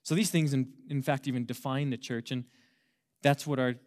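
A man's voice: medium pitch, steady tone, normal speed, a little mellow. A man in his thirties preaching a sermon as a youth pastor, conversational at first and then emphatic, repeating key words for force. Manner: conversational storytelling opener.

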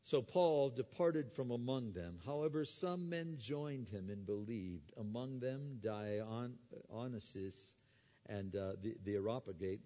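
A man preaching a sermon. He moves between quiet explanation and loud, emphatic preaching, and he asks the audience rhetorical questions. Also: medium pitch, animated, unhurried. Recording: dull sound with long hall reverb.

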